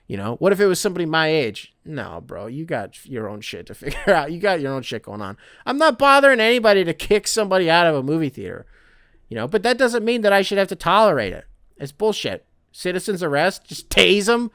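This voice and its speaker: A man's voice: sits high, fairly bright tone, no room sound, studio quality. A young man hosting a podcast, rambling and swearing in a self-mocking way. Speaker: podcast host. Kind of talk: casual solo podcast monologue.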